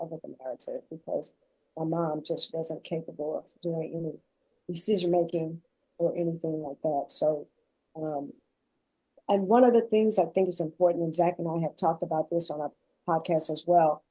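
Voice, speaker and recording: A woman guest on a panel, explaining her caregiving experience in earnest, measured phrases. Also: lowish voice, dark tone, husky, no room sound, poor audio. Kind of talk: panel discussion.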